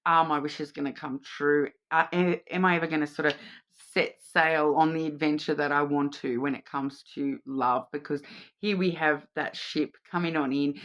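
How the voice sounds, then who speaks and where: A woman's voice: low voice, steady tone, normal speed. A woman with an Australian accent, giving a casual, reassuring card reading to camera, chatty, with many fillers and restarts. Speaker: card reader.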